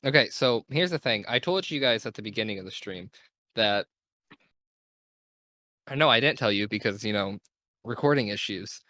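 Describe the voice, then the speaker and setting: A man's voice: fairly low pitch, lively intonation, normal speed, pauses often, pushed and bright, no echo. A young man hosting a casual gaming podcast, talking in an enthusiastic, rambling way and correcting himself as he goes. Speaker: podcast host.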